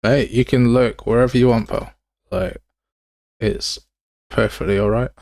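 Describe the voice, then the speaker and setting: A man's voice: medium pitch, measured pace, vocal fry, a little mellow, no room sound. Young man, game dev streamer, casual and chatty, dry close mic. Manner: casual, chatty, answers chat, uses mate and pal. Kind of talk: live coding stream chat.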